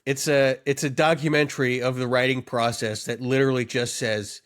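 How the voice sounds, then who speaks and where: A man's voice: medium pitch, little pitch movement, moderate pace, few pauses, fairly bright tone. A man co-hosting a comedy podcast, riffing in a rambling, mock-earnest way. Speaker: podcast co-host. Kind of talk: comedic casual chat.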